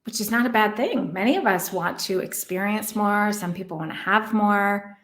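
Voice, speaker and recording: An earnest woman talks as a relationship coach, her pitch sitting in a middle range. She asks one reflective question after another and drags out the key words, then hurries through her asides. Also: moderate pace, a bit bright. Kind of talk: coaching monologue.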